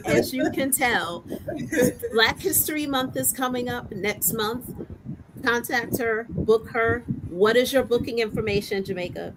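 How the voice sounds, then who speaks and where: Effusive woman hosting a live stream. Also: a little high. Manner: effusive, enthusiastic praise. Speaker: host. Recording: noisy stream audio.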